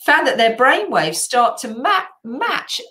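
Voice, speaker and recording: A woman's voice: high-pitched, big pitch swings, takes it slowly, pushed and bright. A middle-aged woman hosting a casual live chat, talking in a rambling way with many fillers and self-corrections. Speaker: host.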